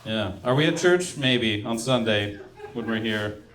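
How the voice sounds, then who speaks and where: A man's voice: on the low side, animated, measured pace, fairly bright tone. A young man doing a stand-up set, delivering one-liners and trailing off into mumbles between jokes. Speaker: stand-up comedian. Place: comedy club stage.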